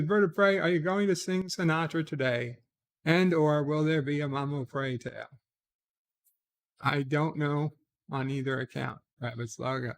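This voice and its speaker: Male stream host, a bit high-voiced, unhurried, reads viewer chat and reacts with relaxed asides, lots of "uh". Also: vocal fry. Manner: reads chat comments aloud and replies offhand, frequent "uh" hesitations. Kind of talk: casual late-night live stream chat.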